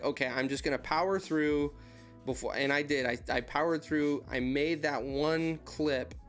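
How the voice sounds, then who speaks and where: This American heavy equipment operator, who hosts a YouTube channel, chats casually during a live-stream Q&A from his desk in a slightly bright, mid-range voice. He drifts through anecdotes and welcomes viewers by name.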